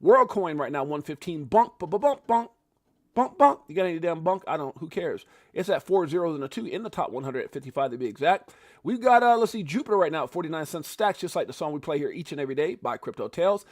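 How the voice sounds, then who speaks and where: Here a middle-aged crypto livestream host talks markets in a relaxed, joking manner, swearing offhandedly and saying hello to viewers by name. He speaks fast and expressively in a voice pitched slightly high for a man, recorded dry and up close with no room sound.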